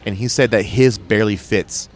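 A man's voice: on the low side, fairly even intonation, moderate pace. A man casually telling a long off-road trip story, rambling with lots of restarts and fillers.

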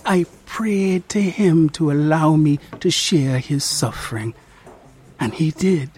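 A narrator voicing a devout young woman who speaks in a soft, near-whispered, tearful voice. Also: medium pitch, takes it slowly, close to an everyday voice. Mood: hushed.

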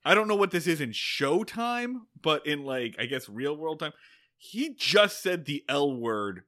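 Lively bright-voiced young man. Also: on the high side. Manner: animated, quick to quote and joke. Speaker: podcast co-host. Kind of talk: casual chat.

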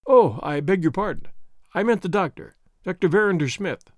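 A stiff, conservative Victorian country doctor, as a narrator plays him, formal and pedantic in speech. The voice is fairly high for a man and moves a lot in pitch. It sounds close and dry. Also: animated, moderate pace, dry recording. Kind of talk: audiobook character voice.

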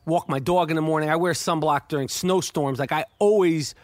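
High-voiced, profane New man. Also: a little fast, dry recording. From New York. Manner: profane, excitable, stammering restarts. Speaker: podcast host. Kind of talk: casual storytelling.

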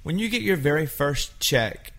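A man's voice: on the high side, sing-song, normal speed, a bit bright. A man hosting a conversational interview, asking curious, probing follow-up questions. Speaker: interview host.

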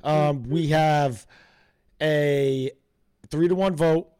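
A man's voice: on the high side, steady tone, drawn-out words, dark tone, clean tone. A man co-hosting a podcast in casual chat, easygoing, often trailing off and restarting. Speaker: podcast co-host.

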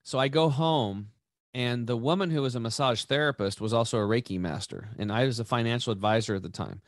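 A man's voice: mid-range voice, a little fast, no echo, clean studio sound. A man hosting a podcast, telling a personal story casually, with frequent restarts and asides like "right" and "dude". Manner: rambling, animated, repeats and restarts, says "dude" and "right". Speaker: podcast host.

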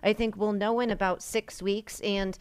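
A woman's voice: medium pitch, flat delivery, moderate pace, clear, resonant tone, dry recording. A woman commenting on politics in a chatty, hesitant way. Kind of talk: political discussion.

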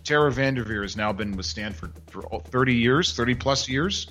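A man's voice: mid-range voice, moderate pace, bright, forceful tone, soft background music. A man co-hosting a casual podcast, telling a news story with mocking sarcasm. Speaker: podcast co-host. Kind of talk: casual chat.

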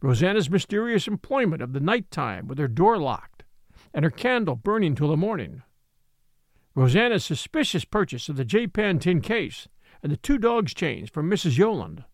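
Expressive male audiobook narrator. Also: on the high side, dry recording, clean studio sound. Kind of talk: scripted narration.

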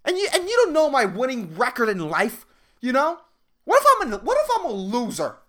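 A man's voice: very high voice, wildly swooping pitch, fairly quick, a bit bright. A man hosting a podcast, delivering a profane, exasperated comedic rant. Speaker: podcast host.

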